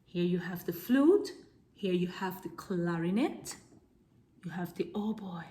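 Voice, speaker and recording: A woman teaching preschool children about music, reading from a picture book in a gentle, expressive way with hushed asides. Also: on the low side, a little slow. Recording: faint music playing behind.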